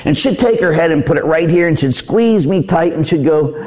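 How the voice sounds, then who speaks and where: A male priest giving a sermon with personal stories, an animated storyteller who acts out voices. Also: fairly high pitch, brisk. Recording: long hall reverb.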